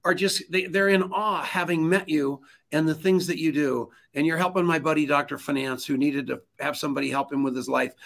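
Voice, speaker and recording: Man, gravelly voice, a bit high-pitched, radio co-host, effusive praise. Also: fairly bright tone. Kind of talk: enthusiastic show introduction.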